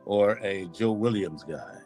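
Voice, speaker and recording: A male guest on a talk show who croons a jazz standard. His delivery is very slow and unhurried, and faint music sits behind him. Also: fairly low pitch, warm tone. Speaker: guest singer.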